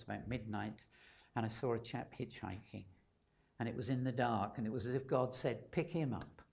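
An older man with a gravelly edge to his voice tells his own testimony. He speaks in a mid-range tone, earnest and candid, often pausing to reflect. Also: mid-range voice, darkish tone. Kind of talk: personal testimony talk.

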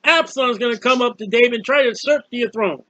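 A man's voice: very high-pitched, quick pace, sharp tone, no room sound. A man preaching an informal sermon on a psalm, earnest and conversational, often repeating himself. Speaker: street preacher.

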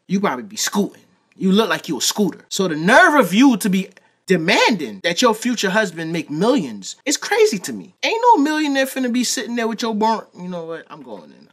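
A man's voice: high voice, huge pitch swings, a little fast, fairly bright tone. A man with a New York accent giving blunt, roasting reaction commentary. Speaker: commentary host.

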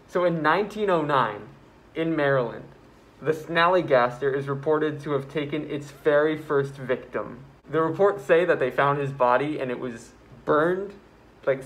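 Excitable man rambling through a vlog. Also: a little high. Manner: excitable, rambling, self-mocking asides; building a card house while talking. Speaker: vlogger. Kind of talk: casual vlog storytelling.

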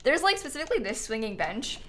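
Bright-voiced young woman streaming sleepily. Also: a little high, sing-song, fast. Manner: chatty, thinking aloud, thanking viewers. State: sleepy, yawning. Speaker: livestreamer. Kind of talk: casual gaming stream chat.

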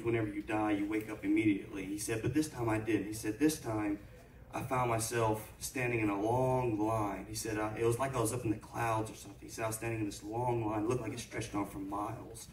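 A man telling a story in a sermon, building up to loud preaching. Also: lowish voice. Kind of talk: sermon testimony. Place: church sanctuary. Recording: echoey church from far off.

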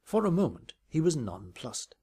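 A man's voice: a little high, big pitch swings, normal speed, mellow, husky. Dry, wry male storyteller. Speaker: narrator. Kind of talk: reading a comic parody story aloud.

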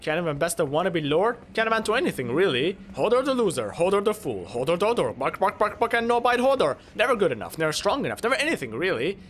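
A man's voice: sits high, very animated, fast talker, hardly any pauses, slight background noise. A man voicing a brash, self-doubting warrior in a comedic game role-play, talking to himself and trading cocky taunts with his foes. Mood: self-scolding. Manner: talks to himself, lurches between despair and cocky trash talk. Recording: loud game music behind the voice.

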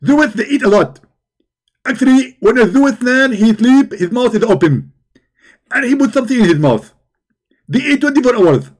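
A man doing a mocking impression of an excitable, boastful male preacher who speaks in rapid, childish bursts. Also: very high voice, voice pushed up.

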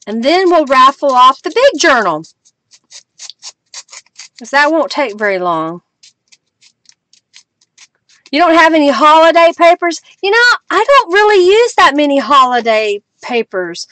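A woman's voice: high-pitched, very animated, a little slow, long pauses, sharp tone, no room sound. A middle-aged woman hosting a live crafting stream, chatting with viewers as she works and laughing often. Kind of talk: casual live-stream chat.

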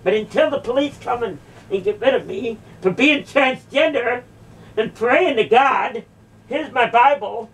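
A woman's voice: a little high, unhurried, far from the mic. A woman delivering a confrontational, mocking monologue, sarcastically repeating phrases back. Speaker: video creator confronting a church.

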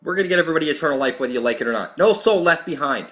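A man's voice: a little high, lively intonation, very fast, fairly bright tone. A man hosting his own channel, delivering an aggressive, profane, preachy rant straight to camera. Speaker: channel host. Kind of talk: ranting monologue to camera.

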